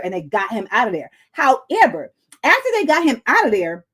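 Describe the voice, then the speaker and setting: A woman's voice: fairly high pitch, a little fast, breathy edge. A woman hosting a comedic news commentary, out of breath and acting out quotes as she tells stories. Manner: animated storytelling with acted-out quotes. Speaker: host.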